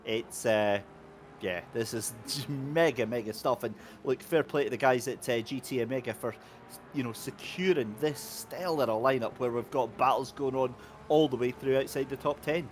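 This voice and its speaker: Excitable male sim racing commentator. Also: mid-range voice, normal speed, slight background noise. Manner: excitable, jokey banter with co-host. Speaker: race commentator.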